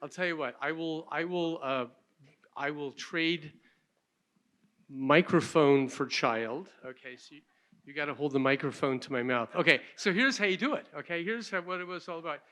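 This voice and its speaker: Older man, gentle pediatrician, slightly high. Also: normal speed. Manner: gentle, plainspoken, self-deprecating. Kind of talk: demonstration and conference talk.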